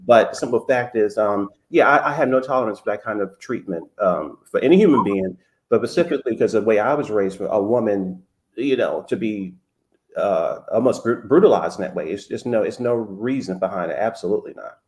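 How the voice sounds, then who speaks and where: A man calling in to a show who speaks earnestly, with hesitant, halting phrasing. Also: on the low side, lively intonation. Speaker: caller. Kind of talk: casual call-in chat.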